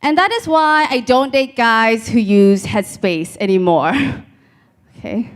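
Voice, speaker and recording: A woman performing a stand-up comedy set on a live stage, telling deadpan stories and talking to the crowd. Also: a little high, takes it slowly. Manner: deadpan storytelling with crowd asides.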